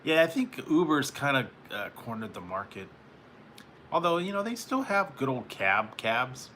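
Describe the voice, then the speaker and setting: A man's voice: medium pitch, sing-song, normal speed, bright, forceful tone, a little hiss or hum. A man hosting a live stream, chatting casually with viewers in a rambling way and chuckling often between remarks. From California. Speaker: live-stream host reading chat.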